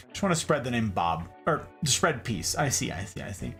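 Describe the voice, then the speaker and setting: A man hosts a relaxed livestream from an indoor room full of plants, and his voice swings widely up and down as he chats. He talks in an animated, chatty way and reads viewer comments aloud. Faint music plays behind him. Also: mid-range voice, moderate pace, creaky. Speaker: livestream host. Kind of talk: casual livestream chat.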